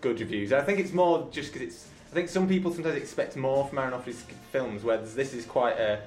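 A man's voice: medium pitch, quick pace, a little mellow. Man, film chat panelist, agreeable, echoey room, faint music.

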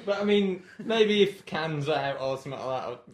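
Guy hosting a film podcast, rambles and corrects himself, slightly high voice, echoey. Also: lively intonation, brisk. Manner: rambling, with filler words and self-corrections. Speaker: podcast host. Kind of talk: casual chat.

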